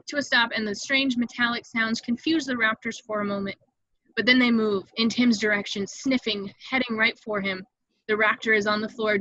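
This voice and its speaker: A woman reading stage directions aloud in an amateur online table read, brisk and vivid, with occasional slips she corrects. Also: a little high, pushed and bright, no room sound, muffled recording.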